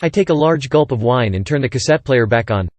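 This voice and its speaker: A man narrates a horror short story in a steady, first-person storytelling way. His voice sits at a middling pitch for a man. The recording is dry and close, with no room sound. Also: a little fast, dry recording.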